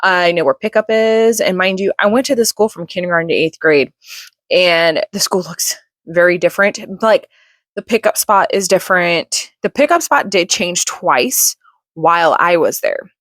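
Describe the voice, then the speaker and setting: Chatty young mom vlogger, low voice. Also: female voice, expressive, moderate pace, a bit bright, dry recording, studio quality. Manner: rambling, chatty, many fillers. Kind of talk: casual chatty vlog.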